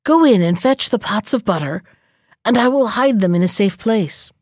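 A woman's voice: medium pitch, expressive, moderate pace, darkish tone, no echo, clean studio sound, close to an everyday voice. A woman voicing a sly, cunning male jackal in a storybook reading, talking politely while he schemes. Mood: urgent.

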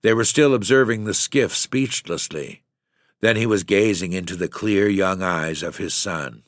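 A man reading a literary story aloud in a measured, steady narration. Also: low-pitched, no room sound, clean studio sound. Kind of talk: scripted audiobook narration.

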